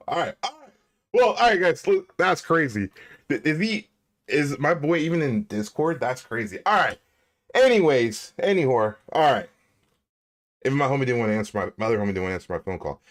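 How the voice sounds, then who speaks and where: A man in his thirties chatting casually on a live stream, excitable and laughing, rambling with many restarts. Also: mid-range voice, normal speed.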